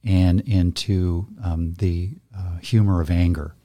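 Low-voiced man telling a joke. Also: slow, no echo. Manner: animated joke-teller, laughs often, many fillers. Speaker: podcast co-host telling a joke. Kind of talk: casual conversation.

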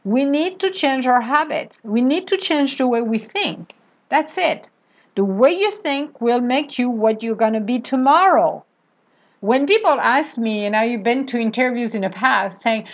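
Brief: woman, fairly high voice, emphatic motivational talk, dull lo-fi recording. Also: animated, a little slow. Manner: emphatic, repeats affirmations. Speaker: motivational speaker.

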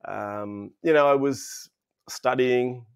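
An Australian man in his fifties, speaking as a guest in a relaxed interview. His voice sits at an ordinary middle pitch. He rambles, doubling back and filling pauses as he tells his story. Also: gravelly, clean tone. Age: 50s. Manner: rambling, frequent restarts and fillers.

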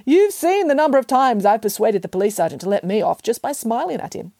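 A woman voices a cheeky, mischievous grandmother telling a wicked bedtime tale, playful and theatrical as she relishes the gory details. Her voice is fairly high, expressive, fast, gravelly and warm, with no room sound.

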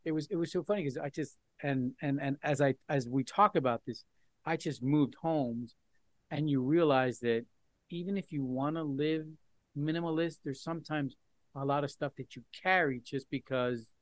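A man talking as a podcast guest in casual conversation, animated, swearing and often repeating words as he restarts. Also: on the high side, normal speed, no echo.

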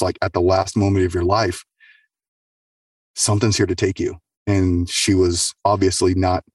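A man with a low, husky voice tells a true story in casual, profane talk, full of fillers and "right?". The sound is dry and close. He sits a little back from the microphone. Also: a little mellow, no room sound, recorded from a distance. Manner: loose, profane, filler-heavy, keeps asking "right?". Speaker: storyteller sharing a true experience.

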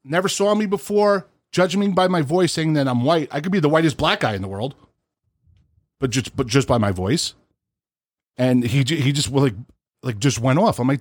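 A man in casual crude banter who tells his stories with big swings in pitch. He breaks into a high, mocking voice to imitate others. His voice sits dry and close to the mic. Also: moderate pace, dry recording. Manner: animated storyteller, mimics others in high voice. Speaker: podcast co-host.

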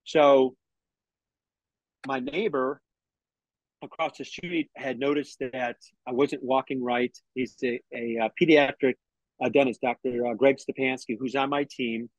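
A man's voice: medium pitch, fairly even intonation, unhurried, dry recording, dull audio. A middle-aged man telling a personal story in an interview, acting out what others said to him and often restarting his sentences. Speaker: interview guest.

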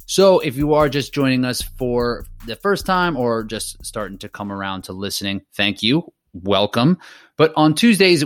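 A man with a medium-pitched, slightly bright voice hosts a running podcast, chatting loosely and laughing easily. The studio-quality recording has no echo.

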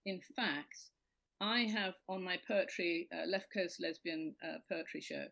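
A woman's voice: fairly low pitch, unhurried, vocal fry, a bit bright, poor audio. An English woman, a comedian guest, telling stories on a radio chat show in a dry, self-mocking way.

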